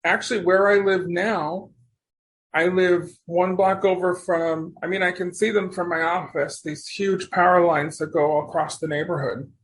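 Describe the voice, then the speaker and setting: High-voiced man telling stories rambly. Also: moderate pace. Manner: rambling, animated, trails off and restarts. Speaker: podcast guest. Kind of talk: casual storytelling conversation.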